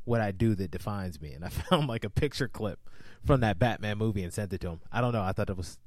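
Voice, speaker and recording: A man's voice: lowish voice, animated, quick pace, no echo. Man telling a story in casual chat. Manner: swears freely, stumbles into stories.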